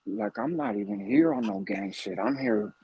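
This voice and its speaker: A man tells a story in a husky, gravelly voice. His pitch rises and falls in a lively way as he talks. The tone is loose, streetwise and full of cursing. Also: normal speed, no room sound, highs cut off. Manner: animated, profane, streetwise slang. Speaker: guest telling a story. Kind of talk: casual storytelling.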